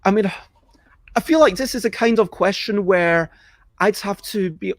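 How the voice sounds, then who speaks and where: Chatty high-voiced man, dry sound. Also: normal speed, dry recording. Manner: chatty, self-interrupting, acts out panicked reactions. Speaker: livestream host answering viewer questions. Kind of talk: casual rambling chat.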